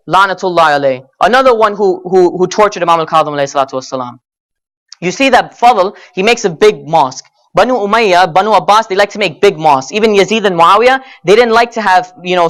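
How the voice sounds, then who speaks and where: A man's voice: sits high, fairly bright tone. A young man giving a sermon at a religious gathering, earnest and direct, calling the listeners brothers and sisters and often saying "you know" as he tells a story. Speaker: speaker at a Muharram gathering.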